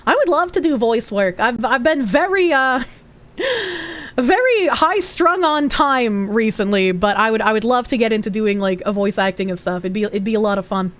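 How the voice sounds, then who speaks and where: A woman's voice: a little high, normal speed. A young woman with a Boston accent chatting casually on a live stream, rambling, giggly and swearing freely.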